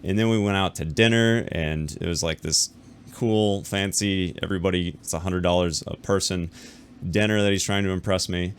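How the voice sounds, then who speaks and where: Low-voiced man telling a story to camera. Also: a little hiss or hum. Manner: animated retelling, acting out the other people in the story; fast and conversational, with repeats and restarts. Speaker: YouTuber telling a business story.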